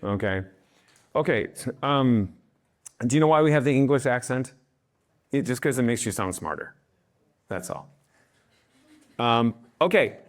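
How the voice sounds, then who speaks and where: Animated man who keeps asking "okay?". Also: mid-range voice, unhurried, pauses often. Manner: acts out other people's voices, often asks "Okay?". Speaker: speaker on influence and leadership. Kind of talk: lively talk to a live audience.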